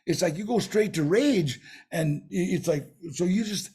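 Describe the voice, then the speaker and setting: A man with a raised, husky voice tells stories to an interviewer. He rambles and restarts, slipping into streetwise slang as he goes. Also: sits high, moderate pace. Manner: rambling, animated storyteller with many restarts. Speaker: guest. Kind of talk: casual storytelling in an interview.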